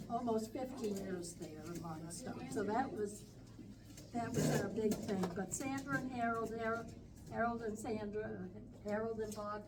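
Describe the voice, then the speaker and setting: A woman sharing fond memories of an old friend at a memorial, rambling and halting, with fond laughter. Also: mid-range voice. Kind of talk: memorial speech, casual reminiscing. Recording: distant mic with clear background noise.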